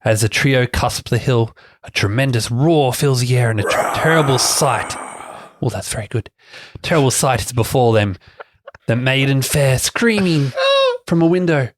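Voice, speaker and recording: A man's voice: mid-range voice, moderate pace. A man on a tabletop game podcast, reading his own adventure story aloud in a playful storyteller manner.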